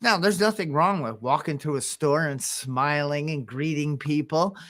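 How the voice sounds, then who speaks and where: A man co-hosting a podcast, telling rambling personal stories, often chuckling and clearing his throat. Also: a little high, normal speed, a bit bright. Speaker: podcast co-host. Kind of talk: casual podcast conversation.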